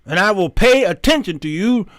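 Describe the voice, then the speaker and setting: A man voicing God as a fervent male figure, coaxing in an emphatic, drawn-out way. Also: high-pitched, lively intonation, a bit bright, no room sound, clean studio sound. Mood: tender. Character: God speaking to his people, male, fervent.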